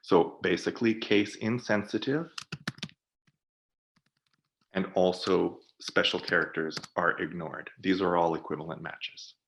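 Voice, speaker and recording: A man on a video call, presenting for a product team and walking through software in a webinar while thinking aloud. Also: low-pitched, fairly even intonation, a little slow, creaky, a little hiss or hum.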